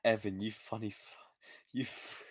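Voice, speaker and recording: A young British man hosting a casual live stream, reading viewer comments and reacting in a jokey, animated way. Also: fairly low pitch, normal speed. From United Kingdom. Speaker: livestream host.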